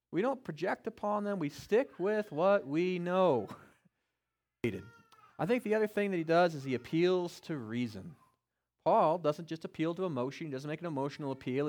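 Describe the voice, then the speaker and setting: A male pastor preaching with a high voice that swings widely from low asides to soaring peaks. He speaks in the first person for the figures in his text and climbs louder as his point builds. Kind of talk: sermon.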